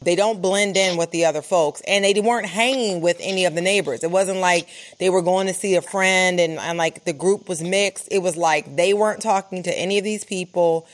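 A woman's voice: on the low side, moderate pace, hardly any pauses. A woman reporter recounting what she saw in an urgent, emphatic way, with many fillers. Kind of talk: live interview, recounting events.

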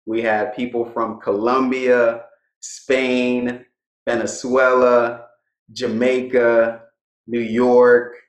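A man's voice: medium pitch, very slow. Young man telling stories in an echoey room. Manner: relaxed storytelling, laughs often. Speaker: guest. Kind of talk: casual interview conversation.

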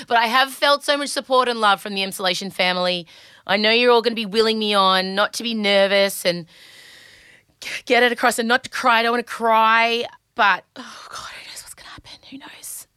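A woman's voice: medium pitch, sharp tone, clear, resonant tone, no room sound, studio quality. A middle-aged Australian woman hosting a podcast, chatting candidly and anxiously and swearing freely. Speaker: podcast host. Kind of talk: casual podcast monologue.

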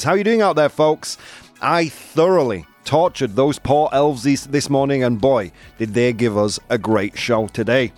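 A man hosting a live morning show, chatting casually and playfully, switching between languages and punching words for emphasis. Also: fairly high pitch.

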